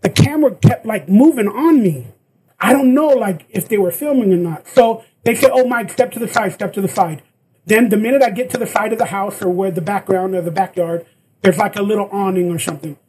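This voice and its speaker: A man's voice: high voice, a little fast, slight background noise, rough recording. A man telling a story in casual chat, acting out the lines of the people in it. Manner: animated, acts out quoted lines. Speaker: guest actor.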